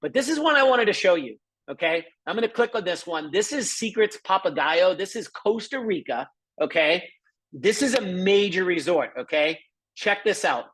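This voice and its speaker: Excited chatty man pitching travel deals. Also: moderate pace, breathy edge. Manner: excited, chatty, many fillers and asides to viewers. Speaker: presenter of a travel membership. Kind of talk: live screen-share sales presentation.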